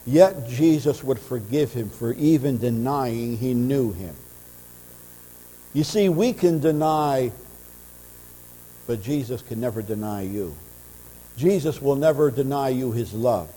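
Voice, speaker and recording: Male pastor, mellow tone, impassioned sermon delivery, church hall reverb. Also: medium pitch, animated, slow pace, long pauses. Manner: earnest preaching, swelling louder in passionate runs. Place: church sanctuary. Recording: church audio with long reverb and mains hum.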